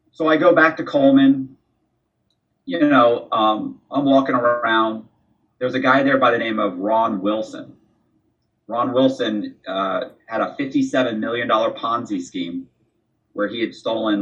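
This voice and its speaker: A man's voice: on the low side, a bit bright. A man guest in an interview, casually retelling a story with quoted dialogue and frequent restarts. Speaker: podcast guest. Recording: distant, dull lo-fi sound.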